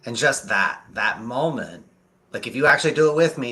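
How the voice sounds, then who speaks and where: Bright-voiced excited man talking fast. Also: medium pitch. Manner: fast and excited, slowing down to stress points. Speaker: men's consultant guest. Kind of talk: energetic live-show talk.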